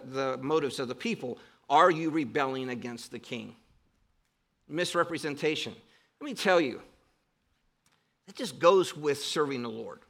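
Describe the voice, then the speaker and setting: A man's voice: fairly high pitch, a bit bright. A man preaching a sermon as pastor, emphatic and exhorting with rhetorical questions.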